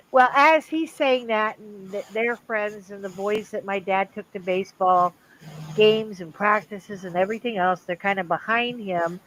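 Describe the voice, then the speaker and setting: An older woman tells a family story in a relaxed, chatty way. She swings into the voices of the people in her story, rising high and loud for the big moments. There is a faint hiss of noise behind her. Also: a little slow, low-quality recording. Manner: animated, acts out quoted voices. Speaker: livestream host. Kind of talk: casual storytelling.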